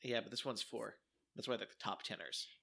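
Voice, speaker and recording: A podcast co-host from the American Midwest who drops in quick jokes during casual banter. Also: mid-range voice, creaky, sharp tone, husky. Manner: quick joking interjections.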